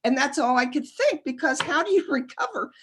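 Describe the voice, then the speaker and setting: A woman's voice: sits high, sing-song, brisk, background noise. A middle-aged woman giving a humorous lecture, chatty and self-deprecating, breaking into laughter as she tells personal stories.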